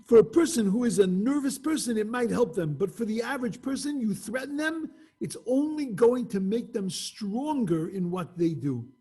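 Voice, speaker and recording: A man's voice: high-pitched, animated, normal speed, few pauses, mellow, husky. A man teaching an informal Torah class over a video call, telling stories with acted-out dialogue in a conversational way.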